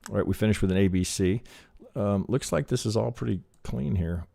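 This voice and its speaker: Lower-voiced male trading teacher, rambling and thinking aloud, swears casually, restarts often, close dry mic. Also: brisk, creaky, mellow, no echo. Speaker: trading educator. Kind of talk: live chart analysis lesson.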